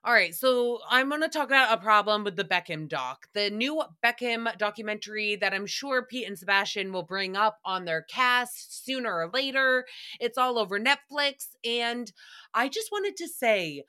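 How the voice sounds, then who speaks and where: A young woman hosts a casual comedic recap, rambling from one thing to the next with plenty of swearing and easy laughter. Her voice is bright and fairly high. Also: expressive. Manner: profane, rambling, quick to laugh. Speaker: podcast host.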